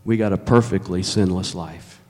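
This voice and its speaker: A man preaching a sermon as pastor, emphatic and measured, with dramatic pauses. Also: sits low, steady tone, darkish tone. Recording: long reverb of a large hall.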